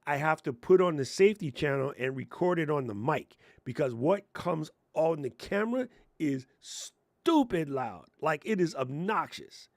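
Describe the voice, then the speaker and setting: A man's voice: a little high, expressive, measured pace, dry recording, clean studio sound. A man giving casual tech tips on a stream, ranting and sarcastic, then muttering along as he works his computer. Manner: ranting, sarcastic, jokey, puts on mocking voices; laid-back and muttering while working the computer. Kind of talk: casual livestream tutorial. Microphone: lapel mic on chest.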